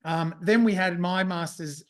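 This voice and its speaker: A man's voice: high-pitched, measured pace. A man in casual podcast chat, rambling and swearing as he acts out his own thoughts. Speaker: podcast guest.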